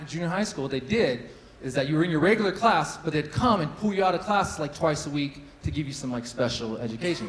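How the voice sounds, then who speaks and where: A man's voice: on the high side, rough recording. A man in his thirties doing a stand-up comedy set, chatty and self-deprecating, with lots of fillers. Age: 30s. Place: large hall with a live audience. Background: audience laughter.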